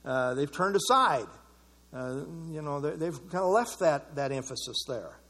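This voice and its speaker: A man's voice: a little high, expressive, a little slow, fairly bright tone. A man leading an evening church Bible study in a casual, conversational way, commenting on verses and asking the group for thoughts.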